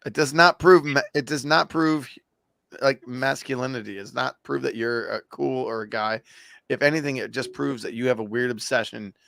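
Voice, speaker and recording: A man's voice: medium pitch, fairly even intonation, moderate pace, creaky, fairly bright tone, no echo. A man on a podcast, chiming in during casual banter with short, wry remarks. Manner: short interjections and wry quips. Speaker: podcast co-host.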